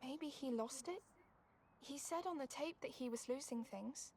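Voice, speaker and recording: A woman voicing a curious young woman in a game, asking gentle questions. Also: high voice, measured pace, a little hiss or hum. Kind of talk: game voice acting.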